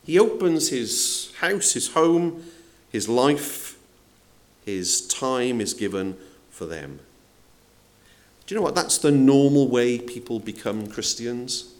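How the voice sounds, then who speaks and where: A man preaching to his congregation, his pitch rising and falling animatedly. He talks in a conversational way, throwing out rhetorical questions and acting out the quotes he tells. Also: very animated, slow. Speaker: pastor. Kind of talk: sermon.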